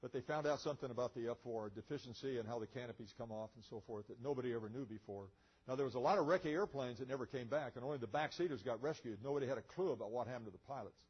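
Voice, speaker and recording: A man's voice: medium pitch, fast talker, slightly rough, lo-fi sound. An older man, a retired pilot, telling a story in a museum lecture. He acts out the dialogue and often chuckles. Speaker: guest speaker, retired pilot.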